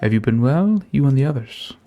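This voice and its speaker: A man voicing a gentle, devoted woman of a city in a game, reading her lines in formal, old-fashioned phrasing. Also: medium pitch, animated, brisk, highs cut off, faint music behind, lightly acted. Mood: earnest. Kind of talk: reading game dialogue aloud.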